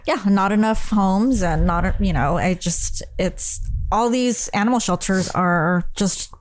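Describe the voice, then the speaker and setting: A soft-spoken woman co-hosts a podcast, telling her stories in an earnest, casual way. Her voice sits close and dry, with no room sound around it. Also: medium pitch, unhurried, no room sound. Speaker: podcast co-host. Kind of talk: casual chat.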